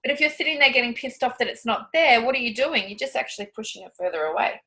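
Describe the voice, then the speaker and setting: A woman with a slightly high voice leads a guided meditation in a slow, soothing cadence. She is heard over a video call. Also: animated, bright, forceful tone, poor audio. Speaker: meditation teacher. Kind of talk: guided meditation and group discussion.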